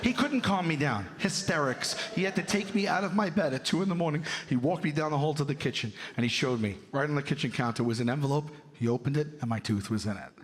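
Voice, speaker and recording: A male stand-up comedian telling a story on stage, animated and lively, with sudden jumps into loud character voices. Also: on the high side, quick pace, few pauses, a little hiss or hum. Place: large theater stage. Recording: reverberant hall, loud audience.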